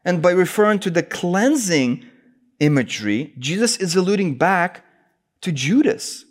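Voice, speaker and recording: Earnest preacher, fairly high male voice. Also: measured pace. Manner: earnest, emphatic, citing verses in steady cadence. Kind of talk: expository sermon.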